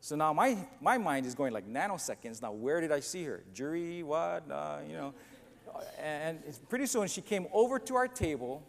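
During a sermon, a pastor tells a funny, self-deprecating personal story and performs the other characters' voices. His voice is on the high side and creaky, with lively intonation at a moderate pace, recorded amid long church reverb and faint noise.

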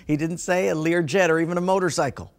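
A man's voice: fairly high pitch, moderate pace. A man preaching a sermon as a pastor, telling folksy stories and laughing at his own jokes.

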